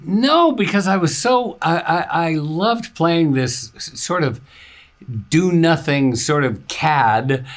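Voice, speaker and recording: An older man, an actor guest in an interview, talking in a laid-back, easygoing way and chuckling often. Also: medium pitch. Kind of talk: casual interview chat.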